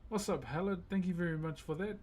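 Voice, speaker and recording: A man's voice: high voice, fast talker, darkish tone, breathy edge. A man with a New Zealand accent hosting a live stream, chatting casually and thanking viewers by name in a friendly, slangy way. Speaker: livestream host.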